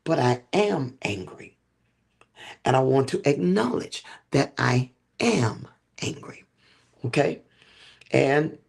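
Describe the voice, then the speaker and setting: Gravelly, husky man teaching with a preacher's cadence. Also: mid-range voice, darkish tone. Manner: preacher-like cadence, checks in with listeners, drawn-out emphasis. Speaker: host. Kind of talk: livestream teaching talk.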